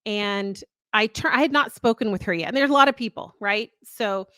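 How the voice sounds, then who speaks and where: A woman's voice: medium pitch, normal speed, a bit bright, no echo. A middle-aged woman hosting a podcast, telling a long personal story in casual chat. She talks earnestly and rambles, often restarting her sentences. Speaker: podcast co-host.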